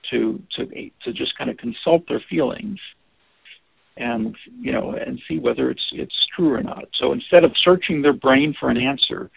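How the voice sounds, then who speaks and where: A man explains a listening skill in a gentle, halting way, often restarting his sentences. His voice is deeply gravelly and a little husky. The sound is dry and narrow, like a phone line. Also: no echo. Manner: gentle, hesitant, many restarts and fillers. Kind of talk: informal spoken lesson.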